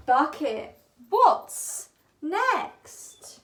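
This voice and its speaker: Very high, sing-song woman talking to a toddler. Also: big pitch swings, extremely slow, long pauses, fairly bright tone. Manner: exaggerated sing-song with frequent gasps. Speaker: early-years teacher leading a bucket activity. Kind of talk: child-directed play narration.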